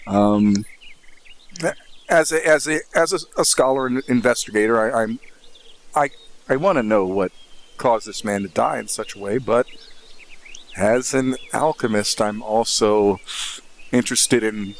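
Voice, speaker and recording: An awkward, scholarly high elf man, as a player puts him on at a tabletop game, who stammers and doubles back on his words. The voice is low and plain, with crickets and birds faintly behind. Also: unhurried, long pauses. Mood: earnest.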